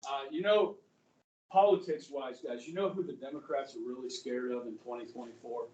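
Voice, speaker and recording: A man's voice: mid-range voice, moderate pace, darkish tone, lo-fi sound. A male history teacher giving a chatty, rambling classroom lecture and often checking in with students. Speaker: high school history teacher. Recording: echoey classroom from far off.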